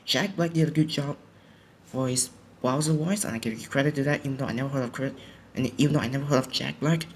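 A young man at home, sleepy from waking up early, rambles through a casual reaction with many restarts. His voice sits at a middle pitch. A faint hum of noise runs under the recording. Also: quick pace. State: sleepy, just woke up. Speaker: YouTuber reacting to a trailer. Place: home, indoors. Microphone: home recording setup.

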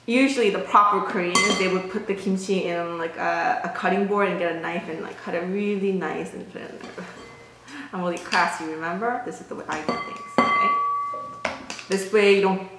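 A woman's voice: fairly low pitch, a little fast. A woman hosting a casual home cooking vlog for her channel. She talks in a playful, chatty, self-mocking way and laughs often. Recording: very echoey room with clicking noise.

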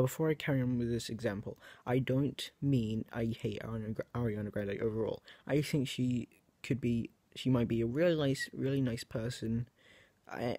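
A teenage male video creator addresses the camera in a wandering, unsure monologue, repeatedly fixing his words and padding gaps with "um" and "like." His voice is medium-pitched and a bit mellow, with no echo.

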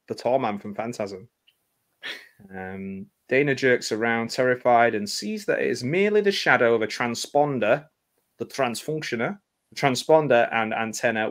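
Wry British man reading a script. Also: mid-range voice. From United Kingdom. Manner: sardonic, laughing, swearing asides. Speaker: podcast host reading a script. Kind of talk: comedic script read-through.

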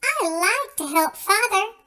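Eager little storybook boy, earnest and chirpy, very high and bright, read by a woman. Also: lively intonation, measured pace, full character voice. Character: eager little boy who wants to help.

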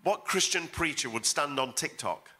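A man's voice: fairly high pitch, animated, normal speed, sharp tone, husky. A middle-aged man preaching as a guest pastor at a church service, emphatic and repeating phrases for effect. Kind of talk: sermon.

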